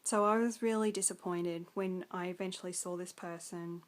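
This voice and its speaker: A woman's voice: on the low side, steady tone, moderate pace, noisy background. A young Australian woman with an Australian accent, rambling through a casual film review full of ums and likes.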